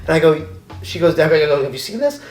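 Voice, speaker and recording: Fast, animated New man telling stories. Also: a little high, reverberant. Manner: animated, acts out dialogue, swears casually. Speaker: record shop co-owner, guest. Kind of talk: casual storytelling chat.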